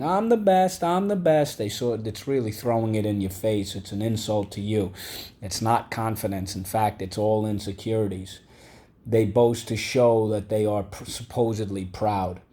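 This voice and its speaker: At a normal speed, a man with a warm, low voice and little pitch movement teaches a vocabulary and phonics lesson. He patiently repeats each word and gets the class to say it back.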